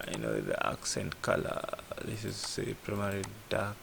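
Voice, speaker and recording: A man with a low, gravelly voice talks through a coding lesson as he works on screen. He keeps asking "what?" and then answers it himself. A faint hiss sits under the recording. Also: big pitch swings, normal speed. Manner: thinks aloud, asks "what?" and answers himself. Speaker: programming tutor.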